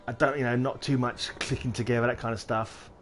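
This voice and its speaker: A man's voice: medium pitch, fairly even intonation, brisk, slight background noise. A man, chatting casually on a game livestream and muttering to himself while he builds. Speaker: game streamer.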